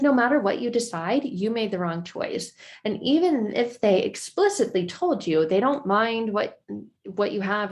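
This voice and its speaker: A woman speaking earnestly to camera in an advice video, now and then acting out quick quoted exchanges. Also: medium pitch, a little mellow. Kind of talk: talking-head advice video.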